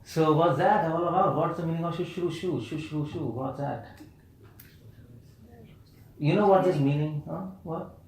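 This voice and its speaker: A man's voice: a little high, unhurried, long pauses, darkish tone, slight background noise. A man, preaching a scripture lecture and questioning a live audience, playfully repeating words for emphasis. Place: temple hall. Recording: roomy hall echo.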